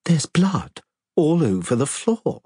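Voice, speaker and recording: A man voicing a young vicar's wife who talks in a brisk, teasing, quick-witted way. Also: a little high, big pitch swings, mellow, slightly rough, no echo, pitched above the performer's own voice, exaggerated voice.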